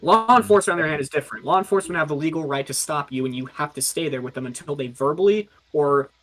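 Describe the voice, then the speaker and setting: Animated young man telling stories. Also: fairly high pitch, rapid-fire. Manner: animated, acts out quotes in character voices. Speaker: baseball umpire and podcast host. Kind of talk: casual podcast storytelling.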